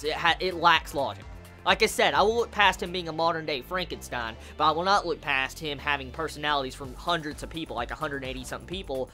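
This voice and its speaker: Woman anime reviewer with a bright, forceful voice. Animated and exasperated, heavy swearing, frequent restarts. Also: low-pitched. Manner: profane, exasperated, stumbles and repeats words. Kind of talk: ranting episode review.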